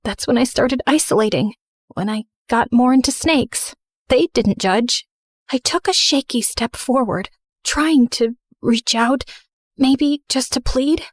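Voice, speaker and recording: A young woman tells an animated story in first person, earnest and emotional. Her voice sits a little high. The sound is close and very dry. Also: measured pace, dry recording. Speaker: narrator.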